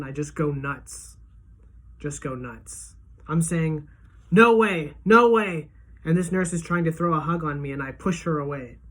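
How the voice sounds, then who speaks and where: A woman teacher reading a novel aloud to her class, giving the dialogue lively pitch and loudness shifts. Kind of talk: audiobook-style read-aloud.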